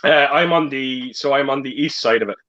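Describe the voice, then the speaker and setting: A man's voice: mid-range voice, fairly quick, a bit bright, no echo. Irish male guest, agreeable, lots of yeahs, muffled dry remote audio. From Ireland. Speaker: guest on a livestream.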